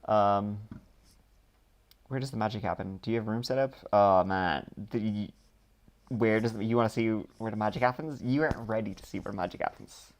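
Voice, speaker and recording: An Irish man from Dublin chats through viewer questions on a live stream. His voice sits a little low, and he drifts through his answers with frequent ums and loose asides. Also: normal speed. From Ireland. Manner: rambling, reads questions aloud then answers with many ums. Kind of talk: casual live-stream chat.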